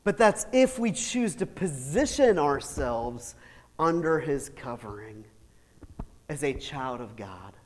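A male pastor preaching a sermon, animated, swinging from loud emphatic bursts to quiet asides with chuckles. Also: mid-range voice, takes it slowly. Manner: animated, shifts from shouting to hushed asides with laughs. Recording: long hall reverb.

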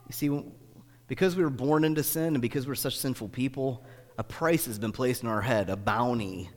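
A man preaching a sermon in a conversational style, swinging between booming emphasis and hushed, intimate asides. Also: moderate pace. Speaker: pastor. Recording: echoey hall.

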